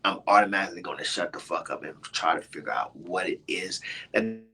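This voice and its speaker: A man's voice: sits low, a little fast, soft background music. A middle-aged man hosting a radio talk show, arguing his point emphatically and restarting his sentences as he goes. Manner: animated, emphatic, often interrupting himself. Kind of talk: heated casual debate.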